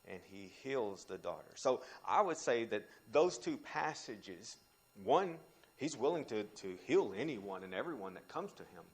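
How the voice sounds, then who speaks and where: Animated male Bible teacher. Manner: animated, frequent restarts, pitch jumps when quoting scripture.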